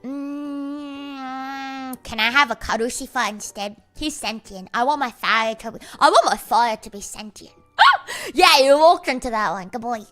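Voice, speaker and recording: High, lively, giggly young woman streamer. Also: normal speed. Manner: playful, giggly, rambling absurd jokes. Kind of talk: casual livestream chat. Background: faint music.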